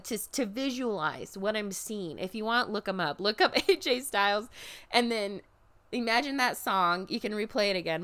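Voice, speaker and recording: A woman of middle pitch talks in a loose, casual chat, full of swearing. Her voice leaps up high when she gets excited, then drops low and quiet for her asides. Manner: animated and expressive, frequent laughs and swearing. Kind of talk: casual chat recapping a wrestling show.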